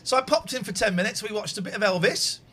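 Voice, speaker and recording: Bright, lively-pitched male streamer. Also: quick pace, husky. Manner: excitable, swings from mumbling to shouting. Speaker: host. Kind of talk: casual livestream chat.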